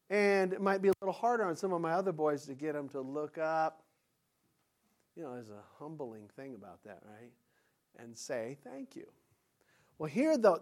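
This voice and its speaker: A man's voice: on the high side, darkish tone. A middle-aged man preaching a sermon in a conversational way, with many fillers and restarts. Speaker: pastor.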